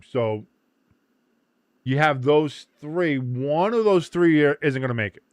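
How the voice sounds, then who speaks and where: A man's voice: a little high, lively intonation, takes it slowly, no echo. A man hosting a casual sports watch-along stream, rambling, joking and swearing freely. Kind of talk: casual livestream chat.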